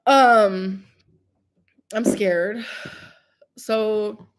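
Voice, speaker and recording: A woman's voice: medium pitch, steady tone, extremely slow, very noisy. A young woman, a live streamer, chatting casually with viewers in a rambling, filler-heavy way while sick. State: sick with a cold-like illness.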